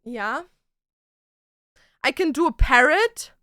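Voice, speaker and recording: Bright, playful young woman streamer. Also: fairly high pitch, slow pace, clear, resonant tone, no room sound, clean studio sound. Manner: playful, crude, laughs a lot. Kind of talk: casual livestream chat.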